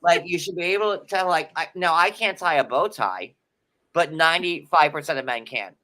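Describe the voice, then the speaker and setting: Sarcastic man with a bright voice. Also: a little high, normal speed. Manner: sarcastic, filler-heavy, rambling. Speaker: podcast co-host. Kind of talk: casual chat.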